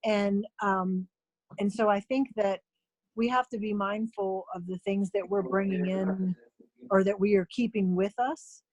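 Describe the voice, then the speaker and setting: Woman talk-show guest, mid-pitched, reflective and earnest, dry close recording. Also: fairly even intonation, unhurried, darkish tone, no echo, highs cut off. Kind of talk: casual talk show chat.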